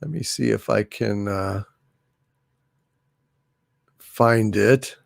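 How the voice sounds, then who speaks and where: A man's voice: lowish voice, drawn-out words, creaky, dry recording, studio quality. A man hosting a comedy livestream, chatting casually with viewers in a rambling way, full of fillers. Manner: rambling, many fillers, chuckling. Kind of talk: casual chat with live chat readers.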